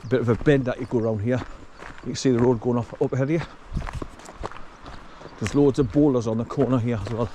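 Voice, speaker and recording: A man's voice: medium pitch, fairly even intonation, fast, mellow, a little hiss or hum. A man rambling chattily to the viewer as he walks a rural forest track outdoors. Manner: rambling, chatty, talks to the viewer while walking. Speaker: walker filming his hike. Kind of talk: casual walking narration.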